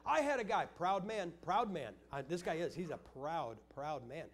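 A man's voice: on the high side, lively intonation, normal speed. An older man preaching in a church, teaching Sunday school with joking stories. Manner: joking, anecdotal storytelling.

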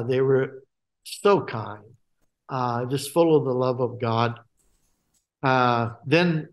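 Halting man telling his faith testimony. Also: medium pitch. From Alaska. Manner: halting, many fillers and restarts. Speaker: guest.

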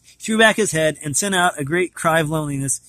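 A man's voice: a little high, quick pace, fairly bright tone, dry recording. A man reading a storybook aloud who often stumbles and corrects himself mid-sentence. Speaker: storybook reader.

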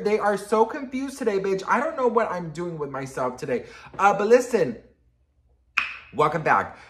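A young man chatting as a pop culture gossip vlogger, sassy and animated, swearing freely and calling his viewers girl. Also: sits high.

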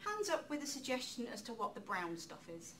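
A woman giving a public talk in a lecture room, lively and chatty, with self-deprecating asides. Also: fairly high pitch, a little fast. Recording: distant mic with faint room noise.

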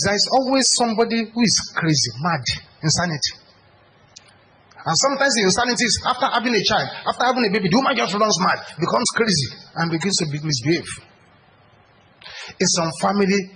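Male preacher, higher register, punchy and repetitive delivery, faint noise behind. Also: expressive, fairly quick, rough recording. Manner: emphatic, repetitive, rises to shouted prayer. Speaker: pastor. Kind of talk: sermon.

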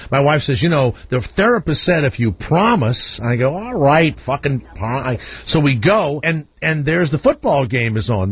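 A man's voice: medium pitch, husky. A middle-aged man hosting a radio talk show, telling a profane, comic family story and acting out the voices.

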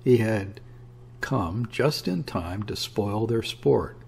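A man reading a classic story aloud as an audiobook narrator, in a measured way. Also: on the low side, expressive, gravelly, a little mellow, slightly rough.

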